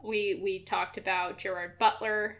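A woman co-hosting a casual chat, animated and opinionated, swearing now and then. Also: medium pitch, a little slow. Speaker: podcast co-host.

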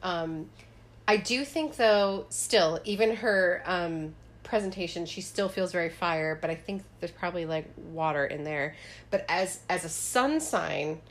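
A woman's voice: fairly low pitch, unhurried. A woman co-hosting a podcast in casual chat, talking emphatically and swearing freely. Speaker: podcast co-host.

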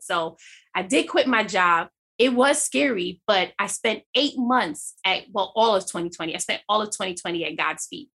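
A woman guest telling a personal faith testimony in conversation, animated and acting out her own dialogue. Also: mid-range voice, normal speed, creaky, breathy edge.

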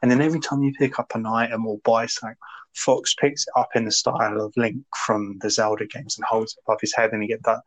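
Ranting podcast host. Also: male voice, fairly low pitch, fast, low-quality recording. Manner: ranting, animated, laughs a lot, mock voices. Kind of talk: casual podcast chat.

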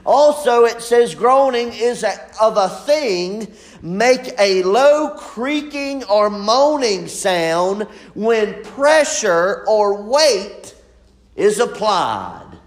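A man preaching a sermon, lively and full of laughter, with sudden exclamations. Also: sits high, extremely slow, echoey room. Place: church.

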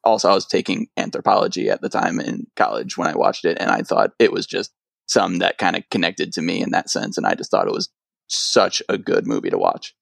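Gravelly low-voiced young man, laid-back. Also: big pitch swings, brisk, dry recording. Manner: laid-back, hesitant with ums. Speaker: podcast guest. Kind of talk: casual chat.

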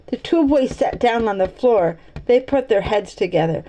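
A woman's voice: a little high, animated, normal speed, warm tone, rough recording. Playful woman reading a chapter book aloud. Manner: playful, with teasing asides. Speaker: storybook reader.

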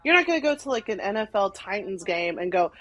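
A young woman from Arkansas, a podcast guest telling a story in animated casual chat, full of "like" and acted-out quotes. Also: medium pitch, quick pace, heavy background noise. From Arkansas, USA. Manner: animated, many "like"s, acts out quotes.

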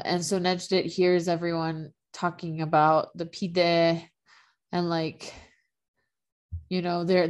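A woman in casual chat, recapping a TV drama as a podcast co-host, talking loosely with lots of fillers and frequent laughs. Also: on the low side. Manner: chatty, filler-heavy, laughs often.

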